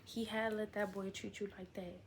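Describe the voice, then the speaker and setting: A young woman talking straight to her viewers in a loose, rambling vlog, full of asides and "you know what I'm saying." Her pitch sits in a middle range for a woman. Faint background noise sits under the recording. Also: little pitch movement, a little fast. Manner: rambling, candid and talkative, with fillers and asides. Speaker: vlogger. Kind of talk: casual chat.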